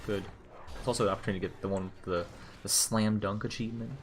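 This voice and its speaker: Low-voiced rambling young male streamer. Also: fairly even intonation, quick pace, over music. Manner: rambling, joking, swears freely. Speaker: game streamer. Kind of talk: casual gameplay commentary.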